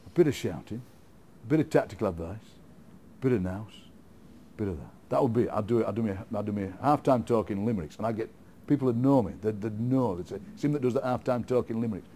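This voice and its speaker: A middle-aged Yorkshire man talks at an easy, rambling pace in a relaxed interview. His tone is mellow and dark, and he laughs readily as he spins playful ideas. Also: on the low side, fast, a little hiss or hum. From England. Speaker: guest poet. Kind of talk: casual interview chat.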